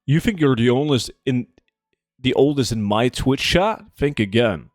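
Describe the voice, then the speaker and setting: Reading out viewer questions and replying as he plays, a male streamer in his 20s keeps the live-stream chat casual. He speaks unhurriedly in an animated, medium-pitched voice, and the recording is dry and studio quality.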